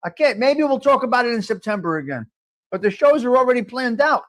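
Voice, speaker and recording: A man's voice: very high-pitched, very animated, a little fast, fairly bright tone. A middle-aged man, hosting a live coffee chat stream and talking bluntly to viewers, joking and swearing freely.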